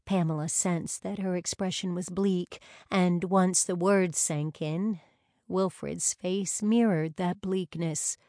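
A woman reads a novel aloud in a measured, unhurried way. Her voice sits on the low side and her pace is very slow. The recording is dry and close with no room sound. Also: steady tone, mellow, no room sound. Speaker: audiobook narrator. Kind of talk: scripted narration.

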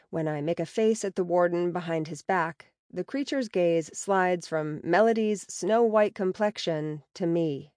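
A woman narrating a story in the first person, with a wry, sarcastic and expressive delivery. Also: lowish voice, unhurried, hardly any pauses, no echo, clean studio sound. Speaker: audiobook narrator.

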